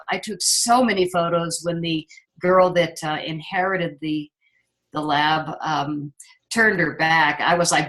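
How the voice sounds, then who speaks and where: A woman's voice: lowish voice, poor audio. A middle-aged woman filmmaker telling a personal story in an interview, acting out what others said. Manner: animated storyteller, acts out quotes of others.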